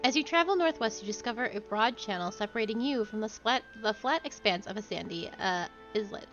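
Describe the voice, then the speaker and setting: A woman's voice: medium pitch, lively intonation, brisk, a bit bright, dull audio, faint music behind. A young woman streaming a role-playing game, reading its text aloud in a casual way with giggly asides. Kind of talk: casual gameplay narration.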